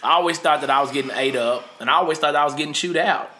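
A man, telling a story on a podcast he co-hosts, animated and often laughing. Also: fairly high pitch, racing. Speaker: podcast co-host. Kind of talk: casual storytelling chat.

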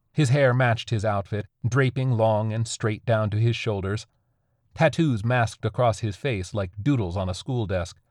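A man narrating a dark horror story in a steady, measured way. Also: fairly low pitch, no echo, studio quality.

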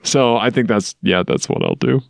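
A man's voice: mid-range voice, normal speed, gravelly, dry recording, clean studio sound. A man co-hosting a casual comedy podcast, laughing easily and answering with lots of short agreeing okays. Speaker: podcast co-host.

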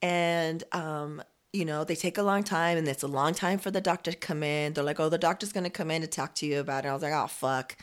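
A woman co-hosting a podcast, telling a story in casual chat with lively, profane asides and acted-out quotes. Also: low-pitched, quick pace, few pauses. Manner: animated storytelling, lots of swearing and acted-out quotes. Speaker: podcast co-host. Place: home. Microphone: remote recording.

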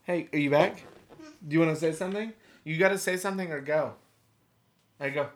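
A woman co-hosting a casual podcast who talks in a sassy, expressive way, calling people "honey" and "girl". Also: low-pitched, fairly quick. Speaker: podcast co-host.

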